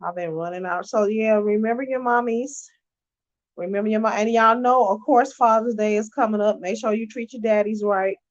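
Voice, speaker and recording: A woman's voice: mid-range voice, steady tone, moderate pace, muffled recording. A middle-aged woman and teacher talking casually to camera from her bed, emphatic and conversational. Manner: emphatic, conversational, keeps asking "you know what I'm saying". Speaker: early-childhood teacher. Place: resting in her bed at home.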